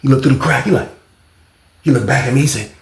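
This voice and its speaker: A man telling a casual storytime vlog, profane and animated, acting out noises and other people's voices. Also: mid-range voice, quick pace, gravelly. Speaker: storyteller recounting prison life. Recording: echoey room.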